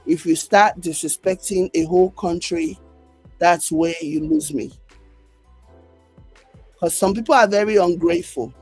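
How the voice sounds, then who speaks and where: A woman's voice: on the low side, measured pace, pauses often, a little mellow, breathy edge, faint music behind. A woman, giving emphatic opinion commentary to camera in a firm, scolding way.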